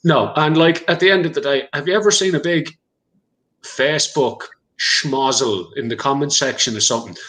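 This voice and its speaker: A man's voice: mid-range voice, normal speed, fairly bright tone, low-quality recording. A man with a rural Leinster Irish accent hosting a livestream chat over a video call, rambling with lots of fillers. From Ireland. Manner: rambling, many fillers, laughs easily. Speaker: livestream host. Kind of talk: casual chat.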